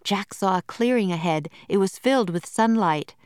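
A woman narrating a children's storybook in a slow, measured and clear manner. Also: medium pitch, no echo, studio quality.

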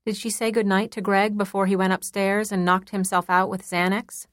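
A woman reading a first-person novel aloud in a measured, intimate storytelling manner. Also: mid-range voice, flat delivery, fairly bright tone, no echo, clean studio sound. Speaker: audiobook narrator. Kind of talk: first-person audiobook narration.

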